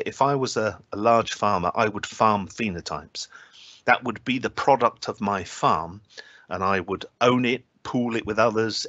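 A man's voice: sits low, bright, forceful tone, dry recording, highs cut off. A man giving an academic talk at an online scientific symposium, hesitant with frequent filler sounds, with touches of dry humour. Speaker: invited speaker at a scientific symposium.

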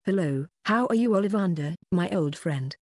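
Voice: mid-range voice, expressive, moderate pace, darkish tone, no room sound, clean studio sound. An audiobook narrator voicing a friendly, enthusiastic old male wizard who explains things. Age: older. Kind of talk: audiobook character voice.

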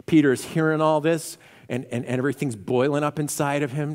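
A male pastor preaching a sermon in a church, telling the story with animated energy and acting out the quotes. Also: a little high, a little fast. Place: church sanctuary. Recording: reverberant church hall.

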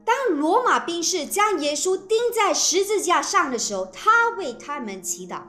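A woman interpreting a sermon phrase by phrase with expressive phrasing. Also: extremely high pitch, moderate pace, echoey room, soft background music.

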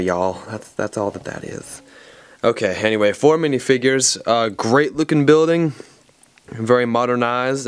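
A man's voice: medium pitch, clean tone, no echo. A man with a Southern American accent, reviewing a toy set in a rambling, jokey, playful way. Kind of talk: casual video review.

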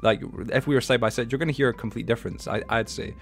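A man of twenty-one with a light Scottish accent, hosting a casual podcast chat in a lively, talkative way. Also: medium pitch, vocal fry. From Scotland. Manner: quick, animated, says "you know what I'm saying". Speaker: podcast host.

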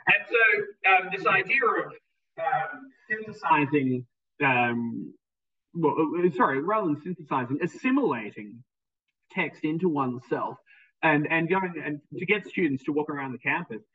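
A husky-voiced man, a music teacher, talks through his presentation with eager enthusiasm, stumbling over repeated words and frequent ums. The sound is thin and tinny, like a phone line. He sits at some distance from the mic. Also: a little high, animated, moderate pace. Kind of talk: recorded presentation.

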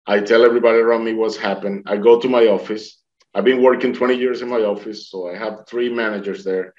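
A man's voice: on the low side, quick pace. A middle-aged man speaking English as a second language, telling his own story in an interview and acting out what others said. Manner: animated, acts out the dialogue of others; non-native English grammar. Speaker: near-death experience survivor telling his story. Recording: dull lo-fi recording.

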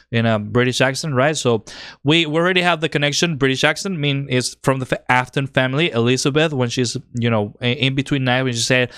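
A man streaming a game live, rambling excitedly through story theories with frequent fillers. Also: mid-range voice, normal speed, clean tone, no echo, studio quality.

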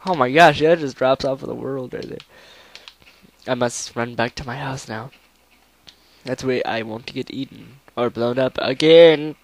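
A man's voice: medium pitch, unhurried. A young man casually talking through his game, rambling and now and then breaking into bits of songs. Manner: rambling, breaks into song snippets. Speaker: let's player. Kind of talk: casual gameplay commentary.

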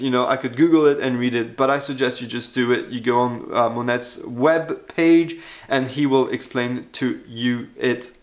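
A man talking through a casual video review as a trombone player, chatty, frank and self-deprecating. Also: mid-range voice.

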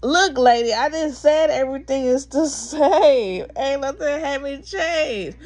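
A woman's voice: high-pitched, measured pace, darkish tone. A woman vlogging a frustrated, rambling rant while drowsy from pain pills. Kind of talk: casual ranting to camera.

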